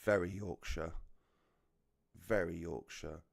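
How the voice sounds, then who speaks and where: A British man with a deep, low voice and a neutral, slightly posh-sounding accent talks casually while streaming a racing game. He rambles through tangents, drops the odd swear word and chuckles at his own jokes. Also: steady tone, slow pace, creaky. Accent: neutral British English. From United Kingdom. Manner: chatty, swears freely, laughs at own jokes. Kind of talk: casual chat while gaming.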